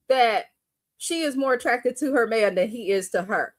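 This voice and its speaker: Woman, blunt, animated, casual live-stream host, dry close sound. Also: on the high side, normal speed, no room sound. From Bay Area. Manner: animated, blunt, cursing, laughing often.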